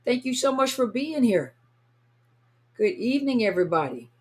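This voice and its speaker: This California woman streams casually from home, saying hello to viewers individually and reading each name out. Her fairly high voice is very animated and moves at a normal speed, warm and chatty despite a hint of tiredness.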